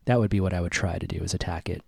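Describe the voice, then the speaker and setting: Low-voiced man rambling casually. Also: fairly even intonation, racing, creaky, darkish tone, husky, no echo, studio quality. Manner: rambling, hesitant, many fillers and swearing. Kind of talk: casual chat.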